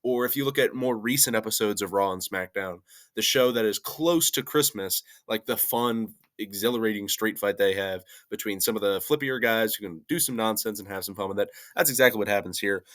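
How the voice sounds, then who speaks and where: Bright-voiced man reviewing wrestling. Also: lowish voice, a little fast. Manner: joking, laughs between remarks. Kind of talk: casual review commentary.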